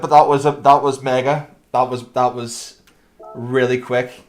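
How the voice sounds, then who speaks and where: A man livestreaming a racing game, giving excitable, self-critical commentary while greeting viewers. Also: medium pitch, a little slow. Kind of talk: live gameplay commentary. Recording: noisy stream audio with car engines. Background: racing game engine sounds.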